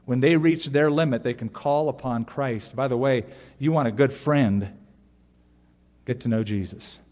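A middle-aged man preaching a sermon as a pastor, earnest, with pauses and sudden emphatic rises. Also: medium pitch, a little mellow. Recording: long reverb of a large hall.

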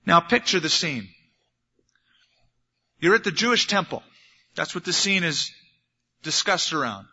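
Male pastor, sermon delivery, bright slightly high voice, dull lo-fi recording. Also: unhurried, husky, long reverb tail. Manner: animated storytelling, acting out little scenes.

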